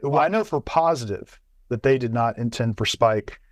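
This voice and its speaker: Man, casual podcast co-host, mid pitch, dry close mic, stumbles and repeats himself. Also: moderate pace, no echo, highs cut off. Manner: chatty, many restarts and repeated words. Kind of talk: casual chat.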